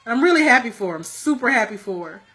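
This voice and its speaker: A woman co-hosting a casual late-night chat, a little tipsy, loud and profane, laughing often and cutting in. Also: fairly high pitch, lively intonation, quick pace. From United States. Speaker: podcast co-host.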